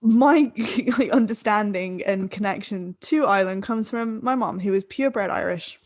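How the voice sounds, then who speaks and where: A woman's voice: mid-range voice, no echo, clean studio sound. A tipsy woman from England co-hosting a podcast, rambling in casual chat and laughing mid-sentence. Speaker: podcast co-host.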